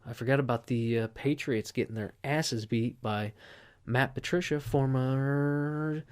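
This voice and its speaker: A man's voice: mid-range voice, unhurried, clear, resonant tone. A man hosting a podcast, chatting casually and rambling through sports scores and a profane anecdote. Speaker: podcast host.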